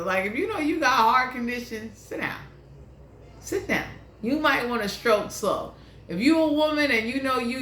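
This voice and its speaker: Profane, animated woman tarot reader. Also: high-pitched. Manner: blunt, profane, animated ranting. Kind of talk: casual tarot reading monologue. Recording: echoey room, faint hiss.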